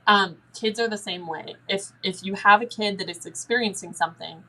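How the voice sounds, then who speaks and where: A young woman answering listener questions as a guest in a paranormal Q&A, chatty and lively, often acting out little dialogues. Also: a little fast, rough recording. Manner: chatty, acts out dialogue in a higher voice.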